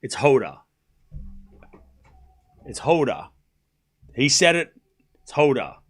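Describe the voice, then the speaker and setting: A man's voice: medium pitch, big pitch swings, slow pace, breathy edge. A man casually commentating a live tennis match on a stream, joking and chatting with viewers. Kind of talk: casual watchalong play-by-play.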